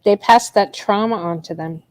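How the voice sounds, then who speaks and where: A woman with a mid-range voice chats on a podcast, chiming in with quick agreement and short points of her own. Her voice sounds dry and close to the mic. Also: medium pitch, no echo. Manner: agreeing, short backchannel replies. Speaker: co-host. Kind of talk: casual podcast discussion.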